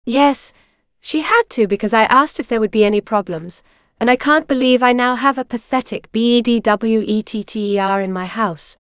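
A woman voicing a gruff, cruel middle-aged woman who talks down to people with a sneer. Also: fairly high pitch, normal speed, no echo, clean studio sound, close to an everyday voice.

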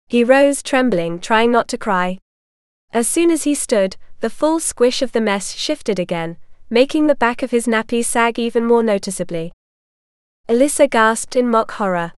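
A woman narrating an audiobook in even, measured storytelling. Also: on the high side, smooth, dry recording, studio quality. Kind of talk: scripted narration.

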